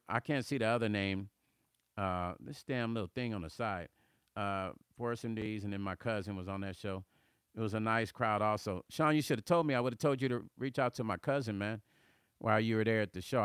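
A man's voice: fairly low pitch, a bit bright, smooth, dry recording, studio quality. A middle-aged man, a musician, hosting a live stream, reading viewer comments and talking casually and animatedly, often laughing and stumbling over repeated words when fired up.

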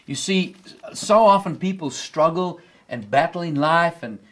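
A middle-aged man, a pastor with a South African accent, preaching a sermon and jumping up in pitch on the words he stresses. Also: lively intonation, measured pace. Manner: impassioned preaching, rising high on key words.

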